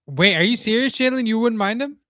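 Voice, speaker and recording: A man with a high voice co-hosts a casual football stream, teasing his friends. His delivery is playful and chatty. The recording is dry. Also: expressive, a little fast, sharp tone, no echo. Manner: teasing, laughs often. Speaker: co-host. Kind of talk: casual livestream chat.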